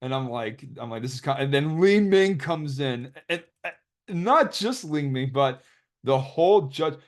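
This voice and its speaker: A man's voice: medium pitch, expressive, measured pace. A young man casually commentating over his card game replays, rambling and joking as he retells a dispute. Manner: rambling, joking, quotes others in put-on voices.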